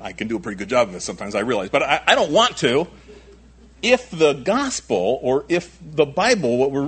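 A male pastor delivers a sermon with a husky edge to his voice. His pitch rises and falls in a lively way as he presses his points. He often doubles back on his words and drops in quick asides. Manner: emphatic preaching, with frequent repeats and asides.

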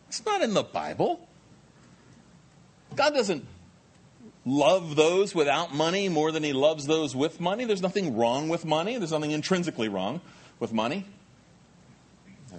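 A middle-aged male pastor preaching a sermon in a lively, conversational way with jokey asides. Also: a little high, slightly rough.

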